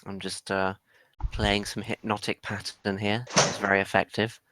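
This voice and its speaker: A man's voice: fairly low pitch, level tone, moderate pace. A man playing a tabletop role-playing game, cracking playful jokes. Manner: wisecracking, playful. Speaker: player. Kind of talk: casual tabletop game chat. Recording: loud background noise.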